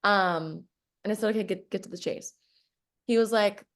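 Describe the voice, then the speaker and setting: A woman's voice: mid-range voice, normal speed, pauses often. A woman telling a personal story in a casual podcast chat, reenacting conversations and laughing often.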